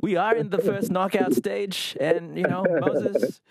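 A man co-hosting a morning show, talking in a relaxed, halting way. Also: sits high, creaky, over a noisy crowd. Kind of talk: casual radio chat.

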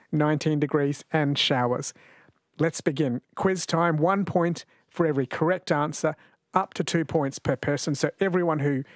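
A man's voice: on the high side, no room sound, studio quality. Chatty male radio host. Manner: chatty, laughs often, reads quiz questions slowly. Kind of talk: late-night radio quiz chat. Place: radio studio. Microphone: studio microphone.

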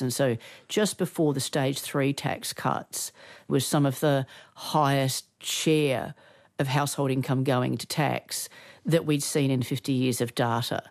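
A woman economist speaking as a radio guest, steady and analytical. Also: rumbling low, no room sound, clean studio sound. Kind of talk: radio interview.

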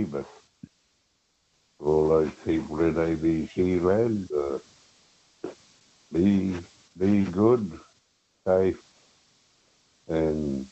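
Older man, deep, slow, mellow tone, muffled phone line. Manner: slow, unhurried, blessing-like. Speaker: caller.

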